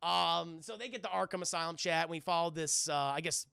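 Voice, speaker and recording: A man giving a casual, profane, excitable scene-by-scene cartoon recap to a live chat, often laughing and acting out parts. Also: on the high side, brisk, vocal fry, smooth, no room sound, studio quality. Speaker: streamer reviewing a cartoon.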